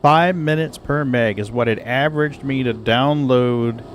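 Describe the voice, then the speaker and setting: Middle-aged male streamer, slow and easygoing, rambling chat with sudden exclamations, faint noise behind. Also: mid-range voice. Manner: chatty, rambling, exclamatory asides. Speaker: livestream host. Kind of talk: casual chat with viewers. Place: home computer setup.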